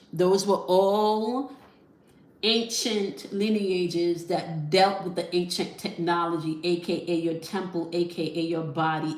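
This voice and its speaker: A woman leading a spiritual tarot and sound-healing session, calm and instructive, often checking in with the listener. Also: on the low side, reverberant. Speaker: spiritual reader.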